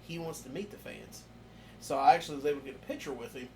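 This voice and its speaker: Excitable man telling concert stories. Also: medium pitch, quick pace, vocal fry, a little hiss or hum. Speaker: podcast host. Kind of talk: casual podcast chat.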